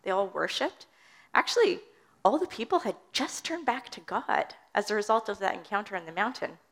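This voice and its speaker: Earnest woman preacher with a gravelly voice. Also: medium pitch, expressive, moderate pace, a bit bright. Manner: earnest, teaching, reads scripture aloud. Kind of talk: sermon.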